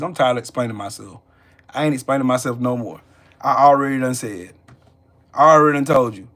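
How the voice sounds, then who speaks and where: A man's voice: medium pitch, fairly bright tone. A man with a Southern American accent hosting a live stream, ranting about politics bluntly and profanely, repeating himself for emphasis and answering chat.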